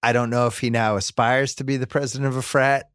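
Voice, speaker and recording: A man's voice: mid-range voice, flat delivery, quick pace, a bit bright, clear, resonant tone, no echo, studio quality. A middle-aged man hosting a podcast in casual chat, telling joking, exasperated stories about his kids. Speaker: podcast host.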